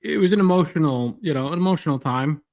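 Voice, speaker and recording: A man's voice: fairly high pitch, lively intonation, fast talker, gravelly, a little mellow. Easygoing man reminiscing in chat. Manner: loose, filler-heavy reminiscing. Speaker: podcast co-host. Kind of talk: casual chat.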